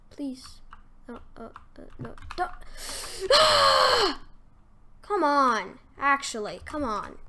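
A woman doing casual, self-mocking commentary over a game, excitable and prone to sudden gasps and yelps. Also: fairly high pitch, a little hiss or hum. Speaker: gaming commentator.

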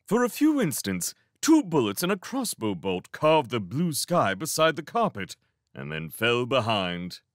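A man reading a storybook aloud as narrator, with a measured, expressive storytelling manner. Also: mid-range voice, no room sound, clean studio sound. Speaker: reader. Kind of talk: audiobook narration.

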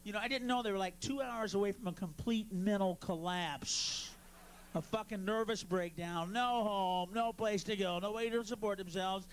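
A man doing a stand-up routine on a club stage, brash and profane, working the crowd and bursting into shouts. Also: high voice, normal speed, a little hiss or hum. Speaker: stand-up comedian.

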